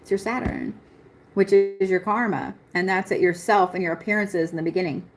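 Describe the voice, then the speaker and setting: A woman's voice: medium pitch, fairly even intonation, brisk. Young adult woman, blunt and chatty astrology reader on a live stream, mid-range voice, frequent laughs. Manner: blunt, swearing, laughs often. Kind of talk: live-stream chart reading.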